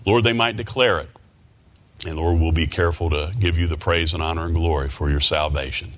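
A man leading a prayer and then preaching a sermon, rising to loud, high emphasis and reading scripture in old-fashioned wording. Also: a little fast.

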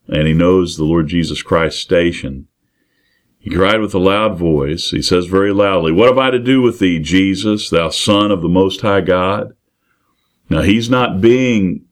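A man preaching an expository sermon. He talks earnestly and plainly, reading scripture aloud, then repeating and restarting phrases as he explains it. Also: low voice.

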